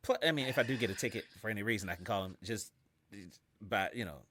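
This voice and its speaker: A man's voice: on the low side, fast talker, sharp tone, a little hiss or hum. A man, a pastor and writer, telling a story as a guest in a casual interview. He talks in loose slang and acts out the people in his story.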